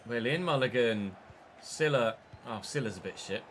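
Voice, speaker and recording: A man streaming a football video game, giving an excitable, sweary running commentary on the play. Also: mid-range voice, moderate pace, a little hiss or hum. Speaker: gaming streamer. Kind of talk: live gameplay commentary.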